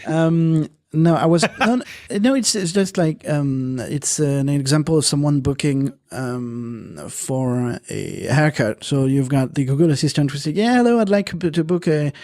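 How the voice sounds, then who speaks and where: A man's voice: medium pitch, unhurried, hardly any pauses, a little mellow. A man hosting a podcast in casual chat, speaking hesitantly with many filler sounds and restarts. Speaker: podcast host and editor.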